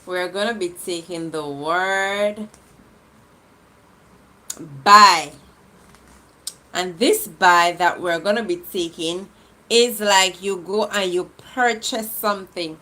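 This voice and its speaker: A woman hosting a livestream game, reading out viewer comments in an affectionate, lively way and laughing often. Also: lowish voice. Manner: lively and affectionate, laughs often, shifts quickly between loud and soft.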